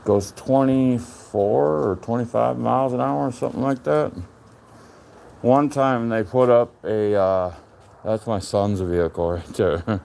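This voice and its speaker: Middle-aged man, laid-back and slow, chatty host walking his yard with a phone; gravelly tone. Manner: relaxed and chatty, jumps to a high sing-song voice when talking to his dog. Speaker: livestream host. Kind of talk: casual live-stream chat while walking. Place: outdoors at his home and backyard. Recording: faint outdoor noise on a phone stream.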